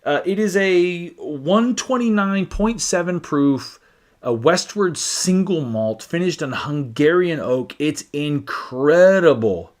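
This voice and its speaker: A man hosting a casual live stream about whiskey, chatting with viewers and reading their comments aloud with frequent restarts. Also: on the high side. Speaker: whiskey channel host.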